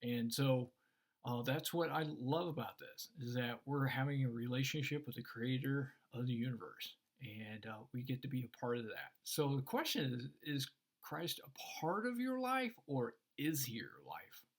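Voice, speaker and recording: A man's voice: medium pitch, normal speed. A man in a casual faith discussion, explaining Christian ideas and acting out the voices in his stories. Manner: animated storyteller, acts out voices in anecdotes. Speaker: Christian teacher.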